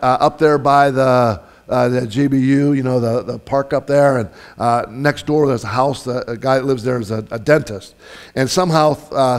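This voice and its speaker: A male pastor delivering a sermon in a church, his pitch sitting in an ordinary middle range. He talks in a relaxed, conversational way, telling stories and often restarting his phrases. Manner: storytelling, conversational, with frequent fillers and restarts.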